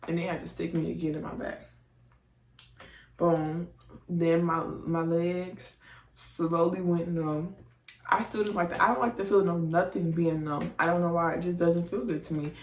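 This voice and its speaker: A woman's voice: lowish voice, a little mellow. A woman telling a personal story in a chatty, slangy way, acting out her own reactions. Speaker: vlogger telling a birth story. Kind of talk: casual storytelling. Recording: echoey room, distant from mic.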